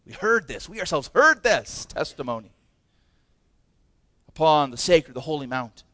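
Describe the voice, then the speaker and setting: Impassioned high-voiced preacher man. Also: big pitch swings, normal speed, pushed and bright, no room sound. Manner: impassioned, emphatic preaching with many rhetorical questions. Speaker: pastor. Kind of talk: sermon.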